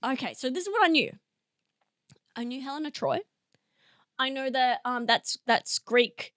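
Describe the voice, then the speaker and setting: A woman's voice: high-pitched, expressive, measured pace, a bit bright, no echo, clean studio sound. A young woman hosting a comedy podcast, rambling and giggling through a monologue, teary from laughing. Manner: giggly, rambling, self-interrupting.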